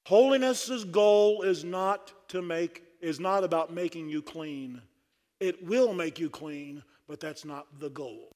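A man's voice: a little high, takes it slowly, darkish tone. A man preaching a sermon at a conference, fervent and dry-humored. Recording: long hall reverb.

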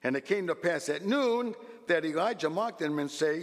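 A man preaches a sermon with a fairly high voice, dropping to quiet asides and then rising to loud exclamations. His words ring out with a long reverb that fills a church hall. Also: animated, moderate pace, hardly any pauses. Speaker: pastor.

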